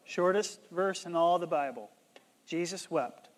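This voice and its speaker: A man preaching a sermon as pastor, emphatic and surging loud on key words, often stumbling and restarting his words. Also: fairly high pitch, a little slow, big-room sound.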